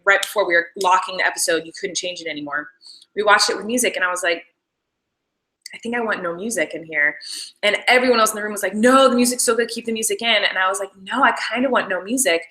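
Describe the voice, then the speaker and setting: A woman's voice: mid-range voice, pushed and bright, low-quality recording. A young woman casually chatting about filming her show, rambling with lots of "like"s. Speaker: actress commenting on her show. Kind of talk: casual behind-the-scenes commentary.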